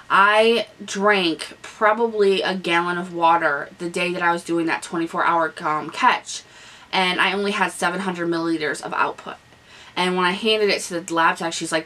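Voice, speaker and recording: A woman's voice: lowish voice, steady tone, normal speed, pushed and bright, far from the mic, rough recording. A young woman vlogging a candid, chatty pregnancy update, with lots of ums and restarts. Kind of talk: casual pregnancy update vlog. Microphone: camera on a stand nearby.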